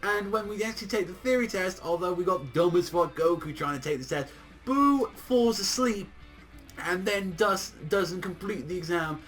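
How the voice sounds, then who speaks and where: A young man giving a casual, excitable anime episode review, full of slang, swearing and constant fillers. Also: high-pitched, moderate pace, soft background music. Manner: excitable, slangy, swears often, heavy use of "like".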